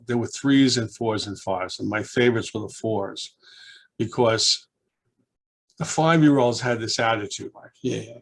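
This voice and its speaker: A man in his seventies reminiscing in an oral history interview, a lively storyteller who rambles with restarts and acts out children's voices. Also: medium pitch. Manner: rambling with frequent restarts and asides. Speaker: alumnus being interviewed.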